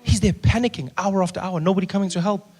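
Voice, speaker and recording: A young man doing a stand-up routine, telling animated stories full of voices and asides. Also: high-pitched, fast, breathy edge. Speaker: stand-up comedian.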